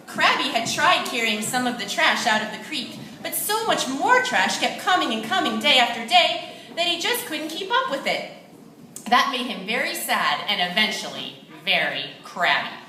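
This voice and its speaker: A woman narrating a children's play with lively, expressive storytelling. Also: high voice. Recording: echoey room, distant mic, faint noise.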